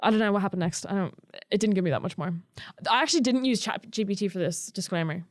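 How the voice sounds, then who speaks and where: A woman's voice: mid-range voice, expressive, no echo, studio quality. A woman in her twenties co-hosting a podcast, chatting eagerly and laughing easily. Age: 20s. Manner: chatty, enthusiastic, quick to laugh. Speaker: podcast co-host. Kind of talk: casual chat.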